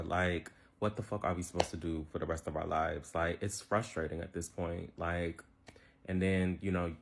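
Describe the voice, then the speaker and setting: Deep-voiced frustrated man in his twenties. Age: 20s. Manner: frustrated, rambling, many fillers. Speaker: social media ranter. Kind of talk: casual rant to camera.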